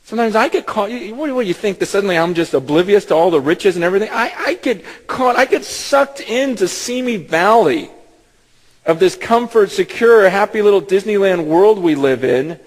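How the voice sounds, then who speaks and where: Pastor guy with a really high voice, blunt and fired up, church echo all around. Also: animated, normal speed. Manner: impassioned, blunt, acts out conversations. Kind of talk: sermon.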